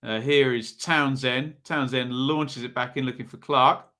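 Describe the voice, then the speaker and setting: A man's voice: mid-range voice, fairly even intonation, measured pace, pushed and bright. A man with an East Anglian accent hosting a live football watch-along, giving chatty running commentary and reacting to viewers in the chat.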